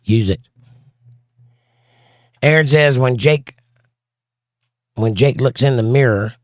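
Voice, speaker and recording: A man's voice: lowish voice, no room sound, clean studio sound. A man hosting a casual livestream, reading viewer comments aloud and answering them with wry, joking asides. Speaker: livestream host reading chat.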